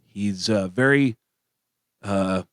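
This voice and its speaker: A man co-hosting a radio talk show, telling stories in a lively way and acting out the people he quotes. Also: lowish voice, slow, dry recording, clean studio sound. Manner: animated storyteller acting out quotes in voices. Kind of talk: casual storytelling chat.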